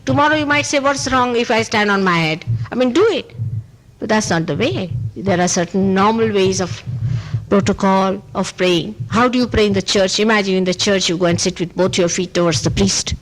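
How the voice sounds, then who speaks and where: This old tape, with poor audio, holds a spontaneous spiritual talk by a woman with an Indian accent who answers questions emphatically. She speaks a little fast, animated and repetitive in short phrases, lifting her pitch on key points and repeating "you see."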